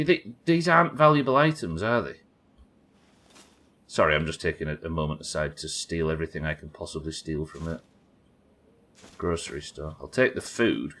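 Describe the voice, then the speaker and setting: A man's voice: low voice, fairly bright tone. A man streaming a game live, chatting with viewers in a wry, sweary, bantering way. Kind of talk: live gameplay commentary.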